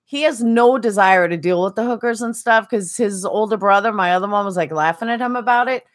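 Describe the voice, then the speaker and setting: Woman, game streamer, casual chat, swears freely, mid-pitched voice. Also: fairly quick. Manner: chatty, swears freely, answers viewers by name. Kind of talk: casual chat while gaming.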